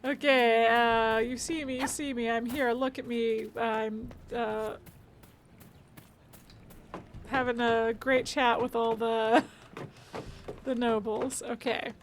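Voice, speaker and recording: High-voiced chatty woman gaming streamer. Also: little pitch movement, slow pace, a little hiss or hum. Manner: chatty, self-narrating, laughs often. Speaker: streamer playing a game. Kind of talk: casual let's-play commentary.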